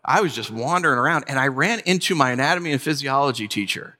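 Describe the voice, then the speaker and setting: A man's voice: medium pitch, animated, quick pace. Male pastor preaching in a reverberant hall. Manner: storytelling, conversational, dropping to quiet for sad moments. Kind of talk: sermon.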